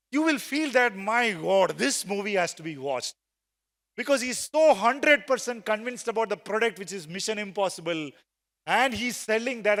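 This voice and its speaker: A man's voice: sits high, fairly bright tone. A man giving a motivational sales talk to a live audience in a large conference hall, telling a story and getting the crowd to answer aloud. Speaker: sales trainer speaking at a conference. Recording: long reverb of a big hall.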